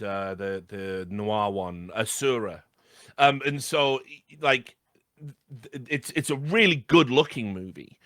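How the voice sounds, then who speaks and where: Bright-voiced man talking films. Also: lowish voice, dry recording, studio quality. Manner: rambling, hesitant, many fillers. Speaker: podcast co-host. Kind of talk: casual film discussion.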